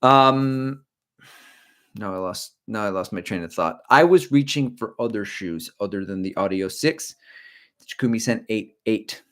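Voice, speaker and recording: Talking to viewers on his laid-back running livestream, this middle-aged host has a fairly low, slightly bright voice and a measured pace. His chat is rambling and jokey, with quick dips into goofy character voices.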